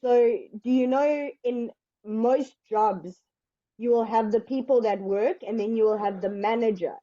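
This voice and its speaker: A woman guides a student through an English lesson, speaking slowly and patiently. Her voice is mellow and fairly high. The sound is dry and a little dull. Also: no echo. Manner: slow, patient explaining. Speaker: English teacher. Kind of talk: one-on-one online English lesson.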